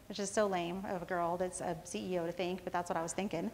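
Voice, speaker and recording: A woman's voice: fairly low pitch, steady tone, fast, fairly bright tone, a little hiss or hum. A woman who founded a company, giving a casual motivational talk to students, telling self-mocking stories and often checking in with the audience. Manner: casual storytelling, often asking the audience "right?".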